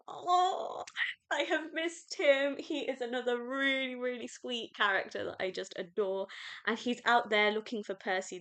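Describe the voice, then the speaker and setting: A woman's voice: mid-range voice, sharp tone. A British woman hosting a casual solo book review podcast, rambling and gushing with lots of fillers. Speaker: podcast host.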